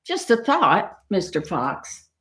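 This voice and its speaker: A small, crafty male piglet who sighs and politely wheedles in a raised, childlike voice, as a woman reads him aloud. The storybook delivery is slow and swings widely in pitch. It sounds in an echoey room. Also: wildly swooping pitch, a bit bright, exaggerated voice. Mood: wheedling. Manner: high, sighing, wheedling.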